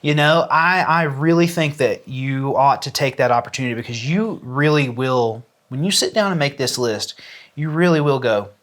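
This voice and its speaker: A man talking casually as a guest, rambling with restarts and trailing off more quietly at the ends of his thoughts. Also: mid-range voice, normal speed. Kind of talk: casual chat.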